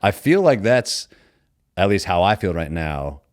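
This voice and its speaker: Deep-voiced opinionated male podcast host. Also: big pitch swings, unhurried, dry recording, studio quality. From United States. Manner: opinionated, conspiratorial, rambling. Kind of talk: casual chat.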